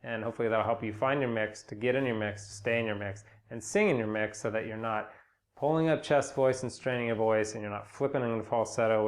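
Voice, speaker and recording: A young man giving a casual spoken singing lesson, relaxed and rambling, with many fillers and restarts. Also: medium pitch. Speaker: singing teacher. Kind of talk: casual spoken vocal lesson with sung demonstrations.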